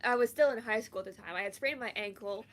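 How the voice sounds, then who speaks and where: A woman's voice: on the high side, fast, a bit bright. A young woman from Canada telling a long rambling story in casual chat while gaming, full of fillers. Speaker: streamer.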